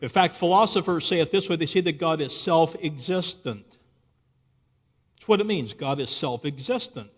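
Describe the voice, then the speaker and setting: Male speaker, high voice, live church talk. Storytelling with rhetorical questions, recorded in a big reverberant hall. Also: moderate pace. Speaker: Christian apologetics speaker.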